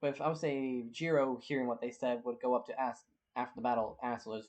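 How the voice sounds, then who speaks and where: A man's voice: medium pitch, fairly even intonation, brisk, darkish tone. Casual man telling a fan story. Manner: casual, narrates and quotes characters plainly. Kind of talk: improvised collaborative fan story.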